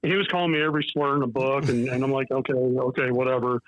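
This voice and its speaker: A man's voice: medium pitch, very fast, no echo, poor audio. A man telling old wrestling stories in casual chat, acting out quotes and laughing. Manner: animated, acts out quotes with laughter. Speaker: retired wrestler, podcast guest.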